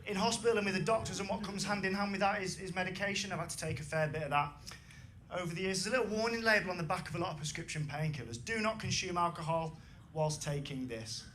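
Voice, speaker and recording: High-voiced brash young comedian. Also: male voice, fast talker, fairly bright tone, slight background noise. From England. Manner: brash, swearing, punchy delivery over audience laughter. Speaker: stand-up comedian. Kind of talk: stand-up set. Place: comedy club stage. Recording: live club recording with crowd laughter.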